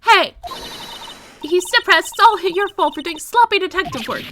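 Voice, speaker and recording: A woman voicing a bumbling, friendly male police detective who talks loud and blustery, reading video game dialogue aloud in character. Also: very high voice, lively intonation, moderate pace, noisy background, pitched above the performer's own voice. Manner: loud, blustery, keeps saying pal.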